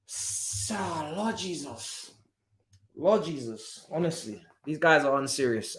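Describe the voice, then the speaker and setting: A man hosts a live watchalong, chatting in casual slang and reacting as the game unfolds. His voice sits a little high, and the room around him has a noticeable echo. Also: animated, slow, a bit bright. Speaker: streamer host. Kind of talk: casual live match commentary. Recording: echoey room.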